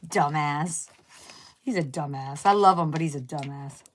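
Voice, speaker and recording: A woman's voice: sits low, fairly quick, a little hiss or hum. A middle-aged woman talks casually to her viewers while she works on a craft project. She wanders from thought to thought, searches for words and restarts her sentences. She is blunt and jokey, with some mild swearing. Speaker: craft livestream host.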